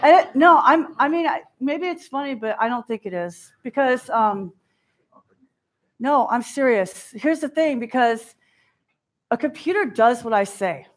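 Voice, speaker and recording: Woman, middle-aged, keynote speaker, candid and self-mocking, slightly high voice. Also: expressive, measured pace. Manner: candid, self-deprecating, acts out quoted voices. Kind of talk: conference keynote talk.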